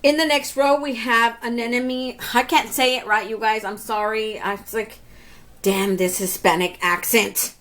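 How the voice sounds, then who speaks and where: Chatty woman with a fairly high voice. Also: steady tone, a little slow, a bit bright. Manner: chatty, keeps talking to viewers as "you guys"; laughs often at herself. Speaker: beauty vlogger. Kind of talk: casual makeup review to camera.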